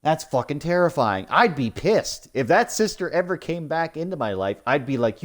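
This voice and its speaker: A man's voice: fairly high pitch, sing-song, slow, long pauses. A young man ranting in post-game commentary, swearing often and mocking the story with sarcastic put-on quotes. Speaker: gaming YouTuber.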